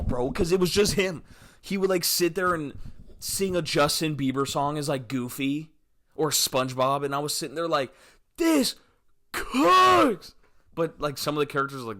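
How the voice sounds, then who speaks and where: A man's voice: a little high, normal speed, fairly bright tone. A man in his twenties hosting a solo podcast, talking casually in a rambling, jokey way and swearing freely as he drifts between topics. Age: 20s. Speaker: podcast host.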